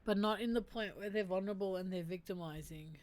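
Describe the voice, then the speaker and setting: A woman's voice: medium pitch, quick pace, darkish tone. A woman hosting a casual stream, reading statements aloud and reacting candidly and emotionally. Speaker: streamer host. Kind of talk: casual reflective stream chat.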